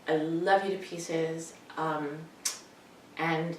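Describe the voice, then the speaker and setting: A woman's voice: sits low, fairly even intonation, very slow, a little mellow. An older woman rambling wryly and self-deprecatingly in a casual personal video message at home. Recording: roomy, distant mic, faint noise.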